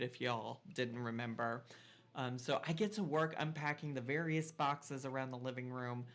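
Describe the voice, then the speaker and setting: Man, gaming host, reads game text, sassy, playful, exclamatory, slightly high voice. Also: a bit bright. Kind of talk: reading and reacting to a dating game.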